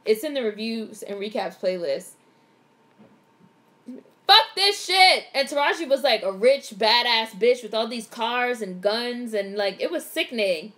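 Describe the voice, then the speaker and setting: Narrating a film as it plays, this young female vlogger gets excited and cusses freely in her casual live reaction. She speaks at a measured pace with a fairly high pitch.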